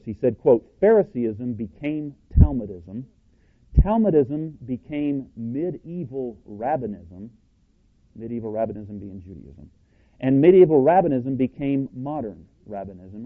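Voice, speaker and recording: A man preaching a sermon, speaking emphatically and slowing down to read out quotations. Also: mid-range voice. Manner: emphatic, slows down to read quotes. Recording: tinny phone-like audio.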